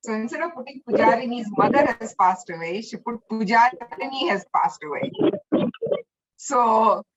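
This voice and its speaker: A woman with a fairly high voice telling personal memories in a chatty, animated way. The audio is a bit muffled, as if it comes over an online call. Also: normal speed, a little hiss or hum. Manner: chatty and animated, with frequent restarts and laughter. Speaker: guest remembering her spiritual teacher. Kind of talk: casual spoken reminiscence.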